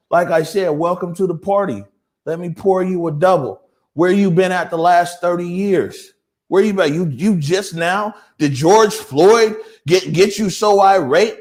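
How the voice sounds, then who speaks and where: A male host with a notably high voice delivers a forceful, pointed rant. His commentary is impassioned and direct.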